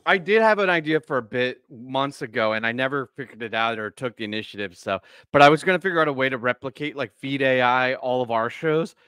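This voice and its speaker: A man hosting a casual podcast chat, animated and laughing, talking loosely with lots of fillers. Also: medium pitch, fast, few pauses, smooth, dry recording. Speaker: podcast host.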